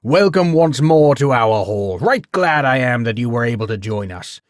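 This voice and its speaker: A man putting on a booming jovial lord. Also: lively intonation, moderate pace, no room sound, studio quality, close to an everyday voice. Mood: hearty. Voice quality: rich baritone. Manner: loud hearty welcome, near shouting. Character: jovial booming noble lord, hearty host.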